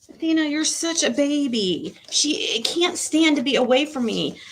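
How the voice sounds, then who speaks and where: Woman, tarot livestream, home, slow speech, slightly high voice, nervous laughs, emotional. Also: expressive, creaky. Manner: emotional, nervous laughing, talks to her pet. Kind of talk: casual livestream chat.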